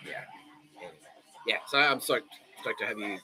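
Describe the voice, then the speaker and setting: A man's voice: lowish voice, a little fast, music in the background, poor audio. A man hosting his own podcast in a rambling, profane monologue, often laughing and sometimes dropping to a mutter. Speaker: podcast host.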